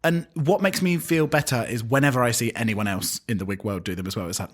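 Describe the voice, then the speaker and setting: A man's voice: medium pitch, quick pace. A man, co-hosting a casual podcast chat, giggly and full of restarts. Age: 20s to 30s. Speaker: podcast co-host, wig maker.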